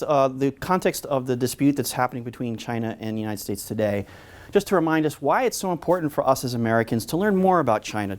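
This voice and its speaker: Fast-talking New York man lecturing. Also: lowish voice. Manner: fast-talking, many filler uhs. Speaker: history lecturer. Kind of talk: public lecture.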